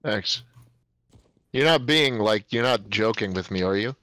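A man's voice: fairly low pitch, lively intonation, a little slow, a bit bright, no room sound. A man bantering in a gaming session, defensive and exasperated, swearing often. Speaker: streamer.

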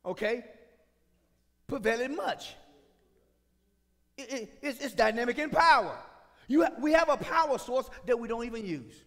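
A man preaching a sermon as pastor, swinging from shouted points to chatty asides with the congregation. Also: very high voice, expressive, normal speed, pauses often. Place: church sanctuary. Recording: reverberant church sanctuary.

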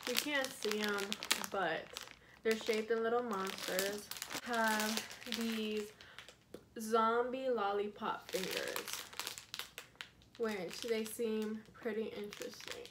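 Slow-talking woman vlogger. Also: on the high side, background noise. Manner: relaxed and chatty, with many fillers. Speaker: YouTuber. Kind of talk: casual vlog chat. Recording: music playing behind the voice.

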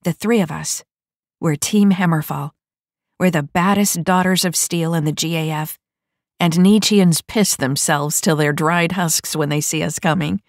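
Brief: a woman playing a swaggering soldier woman, low-voiced and crude, audiobook. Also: unhurried, no room sound, studio quality. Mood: cocky. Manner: brash, swaggering, crude banter. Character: tough, cocky female mech squad leader.

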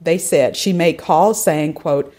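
Low-voiced woman hosting a chatty commentary podcast. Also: slow pace, warm tone. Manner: chatty, addresses listeners directly, frequent "you know" and asides. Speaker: podcast host. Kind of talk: opinion commentary podcast, reading and discussing a news story.

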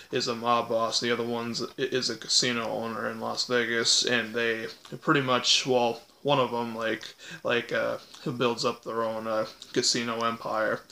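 A young man talks through a casual video review, stumbling over fillers and restarting his sentences. His voice has a bright, forward tone and a flat, even pitch that barely rises or falls. It sounds like a home recording made on a tablet. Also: a little hiss or hum. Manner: rambling with many fillers and restarts. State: hiccups. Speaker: vlogger reviewing a film. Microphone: tablet or phone.

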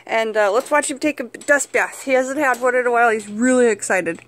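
A woman's voice: on the high side, moderate pace, hardly any pauses. A young woman chatting casually to her camera while coaxing her pet chinchilla with sing-song encouragement. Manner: coaxing, sing-song baby talk to a pet, with soft giggles. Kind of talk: casual pet vlog chat. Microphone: phone camera held in hand.

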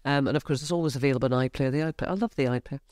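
A woman's voice: very deep voice, racing, a little mellow, dry recording, clean studio sound. A woman co-hosting a podcast, chatting casually and teasing her guest and co-host.

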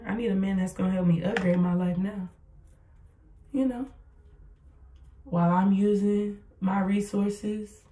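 In a mellow, mid-range voice, a woman hosts a podcast with a casual, straight-talking pep talk full of repetition and plenty of cursing. The recording sounds echoey, with her voice sitting far from the microphone.

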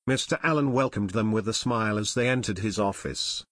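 A man narrating an audiobook in a steady, even storytelling manner. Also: lowish voice, fairly quick, dry recording, studio quality. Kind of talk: scripted narration.

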